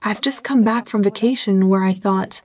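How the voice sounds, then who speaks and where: Her voice mid-range, a middle-aged woman from Germany answers as an interview guest. She talks slowly and from the heart, using short, reflective phrases.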